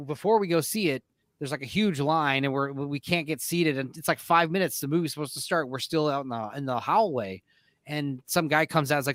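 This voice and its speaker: A man's voice: a little high, fairly quick, dry recording. A man hosting a casual talk stream, telling stories with lots of swearing and acted-out quotes. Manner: animated storyteller, swears freely, acts out quotes. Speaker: podcast host. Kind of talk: casual chat.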